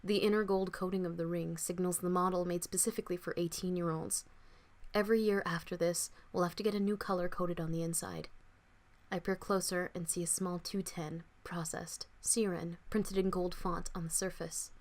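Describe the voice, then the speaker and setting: A young woman, an author, reading her own fiction aloud in an expressive, dramatic first-person audiobook style. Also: lowish voice, moderate pace.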